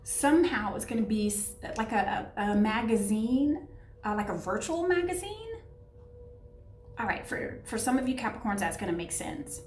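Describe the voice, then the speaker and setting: A woman with a fairly high, animated voice gives a casual tarot reading at a moderate pace, chatty and affectionate and often groping for words. The room is echoey, she sits a bit back from the mic, and soft music plays behind her.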